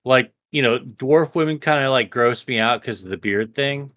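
A man co-hosting a casual podcast, rambling and swearing a lot, a little high as he talks. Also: moderate pace, a bit bright. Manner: rambling, profane, restarts a lot. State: a bit high. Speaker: podcast co-host. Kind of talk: casual chat.

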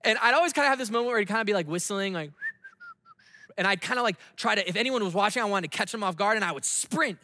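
High bright-voiced man preaching in a reverberant hall. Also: lively intonation. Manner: conversational storytelling with laughs and quick asides. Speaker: pastor. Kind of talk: sermon.

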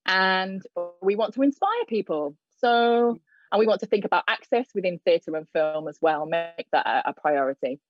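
A woman working as a sign language interpreter, speaking live for a deaf host over a video call with many pauses and fillers. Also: medium pitch, no room sound, highs cut off, soft background music. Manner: hesitant, many fillers and restarts. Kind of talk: live spoken interpretation of signed talk. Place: indoors in front of a plain grey backdrop.

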